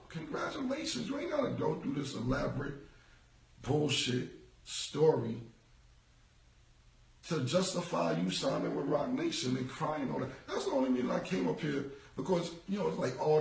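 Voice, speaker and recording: A man's voice: a little high, brisk, vocal fry, few pauses, darkish tone, roomy sound, distant mic, a little hiss or hum, poor audio. A man in his forties in a casual livestream monologue, rambling and repeating himself in street slang. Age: 40s. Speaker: rapper. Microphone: phone.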